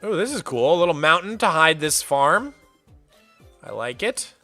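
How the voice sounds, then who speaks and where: A young man chatting casually while hosting a game stream, excitable and playful, greeting viewers by name. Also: fairly high pitch, moderate pace, soft background music. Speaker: livestreamer and server host.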